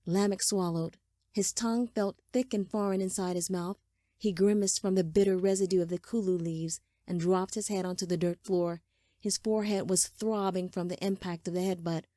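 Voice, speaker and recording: A woman narrating a fantasy novel in a measured, steady reading style. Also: mid-range voice, no room sound, studio quality. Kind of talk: scripted audiobook narration.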